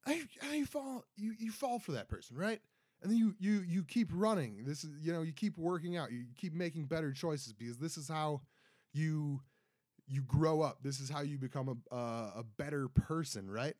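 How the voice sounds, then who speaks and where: Young man, solo podcast rant, rambling, self-mocking, bouncy pitch, dry close mic. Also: animated, moderate pace, darkish tone, no echo. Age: 20s. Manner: rambling, self-deprecating, frequent restarts and "right?". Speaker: podcast host.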